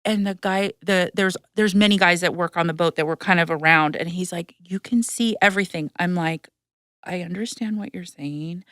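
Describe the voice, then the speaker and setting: A woman's voice: lowish voice, fairly even intonation, brisk, few pauses, a bit bright, smooth, dry recording, clean studio sound. A woman in her thirties hosting a podcast, telling stories animatedly and acting out the voices she quotes. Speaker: podcast host. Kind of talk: casual chat.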